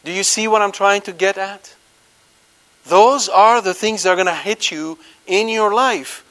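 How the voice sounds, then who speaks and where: In an unhurried, high-pitched voice, a Catholic preacher delivers an animated message to a live congregation. He asks the audience questions and alternates loud emphasis with soft asides.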